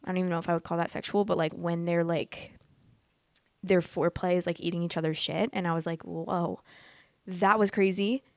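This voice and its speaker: A woman in her late twenties hosting a podcast, chatting casually and reading posts aloud in a candid, excitable way, swearing freely. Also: lowish voice, fast talker, dry recording. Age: late 20s. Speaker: podcast host reading Reddit stories.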